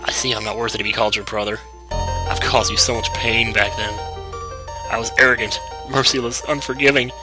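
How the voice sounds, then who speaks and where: A man voicing a repentant dark warrior who speaks in a grave, low-key way. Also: level tone, a little fast, music in the background, natural voice. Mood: remorseful.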